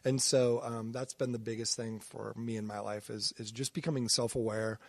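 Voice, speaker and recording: A man's voice: mid-range voice, level tone, moderate pace, vocal fry, dry recording. A man from Nebraska, a podcast guest, talking reflectively in a casual interview with many ums and restarts.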